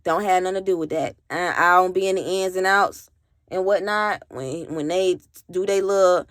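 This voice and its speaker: A woman's voice: on the low side, moderate pace, fairly bright tone, no room sound, studio quality. Emphatic woman telling a storytime to camera. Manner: emphatic, repeats "literally", swears freely; addresses viewers directly. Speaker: vlogger. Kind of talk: casual storytime monologue.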